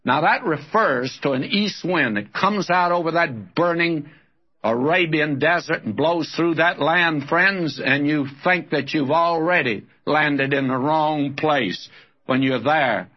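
A man's voice: on the high side, slow, husky. A man giving an earnest, emphatic verse-by-verse Bible sermon on the radio, speaking straight to his listeners as friends. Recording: dull lo-fi radio broadcast.

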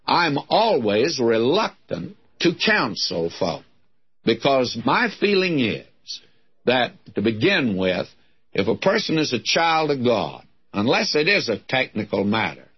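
A man's voice: medium pitch, husky. A man giving a verse-by-verse Bible teaching in a folksy, wry, conversational manner. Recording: dull lo-fi recording.

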